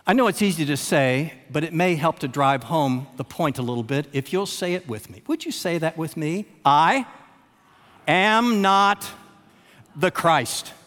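A man preaches in a big hall with a long tail of reverb, his pitch on the higher side and leaping widely. He repeats lines for effect, pauses long, and drops from loud stresses to near hushes. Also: lively intonation. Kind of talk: sermon.

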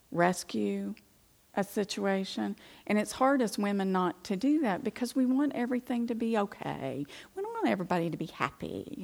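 A middle-aged woman gives a personal Christian testimony to an audience of women. Her voice carries a steady vocal fry at a middle pitch. She tells the story with animation and acts out her own past indignation. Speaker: Christian speaker addressing women.

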